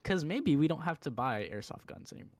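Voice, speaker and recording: A man's voice: a little high, sing-song, a little fast, no room sound. A young man co-hosting a podcast, telling rambling stories and joking in slang. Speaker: podcast co-host. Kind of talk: casual chat.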